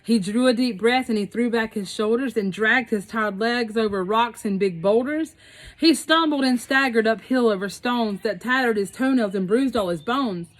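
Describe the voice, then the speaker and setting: A woman reading a rhyming picture book aloud in a rhythmic, expressive way, adding chatty asides. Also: fairly high pitch, poor audio. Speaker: storyteller.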